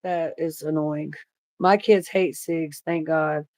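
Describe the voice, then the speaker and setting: Speaking slowly in a low, darkish voice with a steady tone, a middle-aged woman hosts a casual stream. She reads comments aloud and talks bluntly, swearing a lot.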